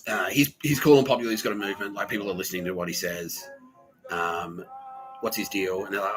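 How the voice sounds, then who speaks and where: A man's voice: fairly low pitch, expressive, fast, sharp tone, faint music behind, poor audio. A man hosting a podcast, talking in a rambling, profane comedic monologue full of fillers and restarts. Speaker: podcast host.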